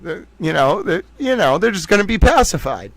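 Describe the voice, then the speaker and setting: A man chats with his livestream viewers, spinning playful, rambling jokes between their comments. His voice sits a little higher than most men's. The sound is close and dry, with no room around it. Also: very animated, fairly quick, no room sound, low-quality recording. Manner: playful, rambling, jokey asides to chat. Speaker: livestream host. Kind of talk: casual chat reading viewer comments.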